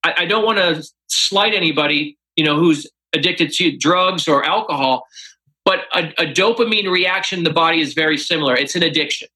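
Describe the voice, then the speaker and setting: A man's voice: a little high, a little fast, pushed and bright, low-quality recording. A man, an author and interview guest, telling stories animatedly and acting out quoted dialogue. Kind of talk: interview storytelling.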